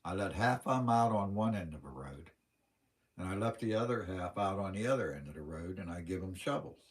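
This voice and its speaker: A man with a Western Pennsylvania accent talks on a casual livestream, rambling from one story to the next in a plain-spoken, folksy way. His voice sits a little on the low side. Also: expressive, fairly quick. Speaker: livestream host.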